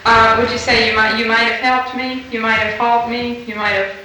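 A woman's voice: on the high side, flat delivery, a little fast, pushed and bright, recorded from a distance. A woman fieldworker running a structured interview, patiently prompting with fill-in-the-blank questions. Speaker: dialect fieldworker. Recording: very echoey room, faint hiss, off-mic.

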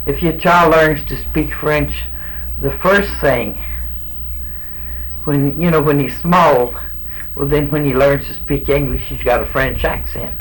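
A man's voice: fairly high pitch, steady tone, measured pace, rough recording. A man in his sixties with a Cajun accent, telling stories in a rambling, folksy way during an oral history interview. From South Louisiana island. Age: 60s. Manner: rambling, folksy storytelling with restarts.

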